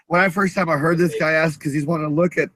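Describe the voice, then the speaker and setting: A man's voice: a little high, steady tone, fairly quick, fairly bright tone, dry recording. A man chatting casually as a show co-host, laid-back and slangy. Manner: laid-back, says dude and man a lot. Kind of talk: casual chat.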